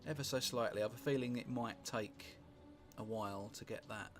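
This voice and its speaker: A British man casually commentating on a strategy game he is playing, rambling and wry, with sweary asides and thinking out loud. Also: fairly low pitch, brisk. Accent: British English. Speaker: gameplay commentator. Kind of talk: casual let's-play commentary. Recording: music playing underneath.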